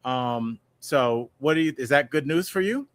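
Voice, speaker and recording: A man's voice: mid-range voice, lively intonation, moderate pace, no room sound. A man co-hosting a comedic news podcast, rambling and joking, often mimicking tough-talking guys. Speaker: podcast co-host. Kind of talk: casual comedic news chat.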